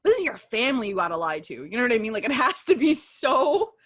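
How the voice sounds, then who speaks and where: Rowdy, animated young woman podcaster. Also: a little high, fast talker, slightly rough. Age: 20s. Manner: laughing, loud, rowdy swearing. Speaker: podcast co-host. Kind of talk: casual chat.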